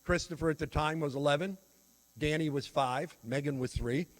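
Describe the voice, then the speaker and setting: A man's voice: a little high, moderate pace. An older man giving a workshop talk on teaching children, telling a personal story in an earnest, reflective way. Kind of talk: storytelling lecture.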